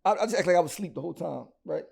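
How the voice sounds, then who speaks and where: A man with a Philly accent tells his story in quick, slangy bursts, doubling back and restarting often. His voice sits high but has a dark, mellow tone. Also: expressive, vocal fry, slightly rough. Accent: Philadelphia. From Philadelphia. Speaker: rapper guest. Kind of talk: storytelling interview.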